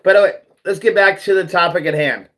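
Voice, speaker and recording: A man's voice: high voice, quick pace, a bit bright. A man hosting a livestream, ranting bluntly and profanely, repeating himself as he goes. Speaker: livestream host. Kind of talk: ranting monologue.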